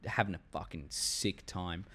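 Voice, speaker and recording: A man's voice: low-pitched, measured pace, sharp tone. A young man talking casually to his viewers, rambling with restarts and frequent swearing. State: tired, yawning. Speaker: YouTube commentator. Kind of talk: casual unscripted talk to camera.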